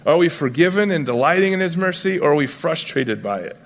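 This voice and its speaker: Pastor guy giving a chatty sermon, slightly high voice, big echoey church hall, slips into character voices for the bible folks. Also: lively intonation. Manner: casual and conversational, acts out biblical figures in quick voices. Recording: long hall reverb.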